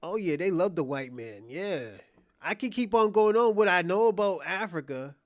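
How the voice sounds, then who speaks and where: At a moderate pace, a male livestream host speaks in a high-pitched voice with lively intonation, in a dry recording. He taunts and provokes his chat in a profane, repetitive rant, restarting phrases along the way.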